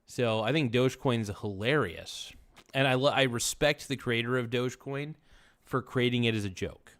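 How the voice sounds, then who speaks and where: A man's voice: mid-range voice, normal speed. A man hosting a casual livestream, rambling and joking with viewers in chat. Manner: rambling, jokey, chants silly phrases. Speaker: livestream host.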